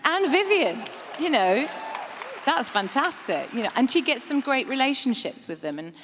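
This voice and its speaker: A woman actor on a fan-convention panel, speaking earnestly with halting restarts and laughing as she tells stories. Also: high-pitched, very animated, a crowd in the background, background noise. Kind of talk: reflective panel talk. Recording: reverberant convention hall.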